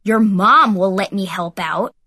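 A woman's voice: medium pitch, measured pace, pushed and bright, dry recording. Woman doing a hotheaded snappy teen boy. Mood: snappish.

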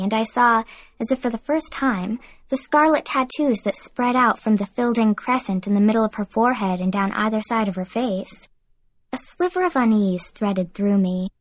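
A woman narrates a first-person audiobook in an expressive, lively reading voice. Her voice sits a little high, and the recording is dry and close with no room sound. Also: no room sound.

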